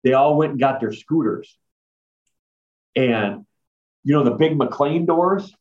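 A man's voice: medium pitch, lively intonation, slow, a little mellow. A man, a former strength coach, rambling through anecdotes in a casual chat with lots of fillers. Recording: dull lo-fi sound.

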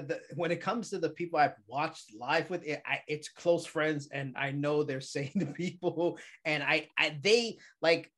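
A man in a casual podcast chat, speaking as an MMA media guest, chatty and quick to laugh. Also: fairly high pitch. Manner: laughs often, animated, chatty.

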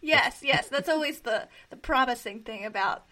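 A woman with a high voice hosts a casual interview. Her tone is bright and sharp, and she is chatty and quick to react to her guest.

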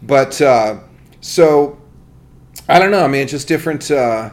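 A man's voice: medium pitch, expressive, unhurried. A man hosting a podcast, chatting casually and rambling, often restarting sentences and losing his train of thought. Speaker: podcast host. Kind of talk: casual chat.

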